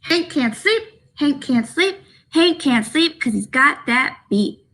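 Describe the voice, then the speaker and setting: Young woman doing kids' story time, bright high voice, goes up and down a lot, sing-song with animal sounds. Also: animated, takes it slowly. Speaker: children's librarian. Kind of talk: children's story time reading. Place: library room.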